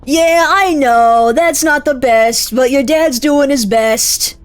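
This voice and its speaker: A woman voicing a self-pitying deadbeat father who whines and makes excuses, higher and louder than her own voice. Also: slow. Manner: whiny, excuse-making. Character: self-pitying deadbeat dad, middle-aged man.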